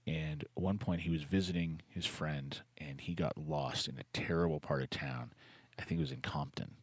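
A man hosting a poetry call-in show, chatting loosely with restarts and reading a listener's poem slowly and softly. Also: very deep voice, lively intonation, creaky, husky, no echo. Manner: slow, soft reading of a poem.

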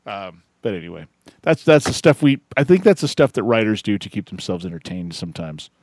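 A man's voice: lowish voice, animated, brisk, darkish tone, no echo. A man hosting a call-in show, chatting casually, laughing often and tripping over his words.

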